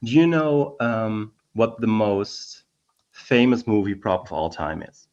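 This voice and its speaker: Casual co-host, male, low-ish voice, rambly storyteller, dull lo-fi audio. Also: big pitch swings, takes it slowly, a little mellow. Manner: rambling anecdotes with many fillers. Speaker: podcast co-host. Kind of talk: casual chat. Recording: dull lo-fi sound.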